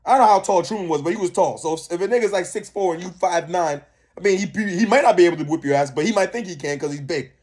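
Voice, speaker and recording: A man's voice: high-pitched, fast talker, darkish tone. A young man co-hosting a reaction video, ranting in heated, profane casual commentary.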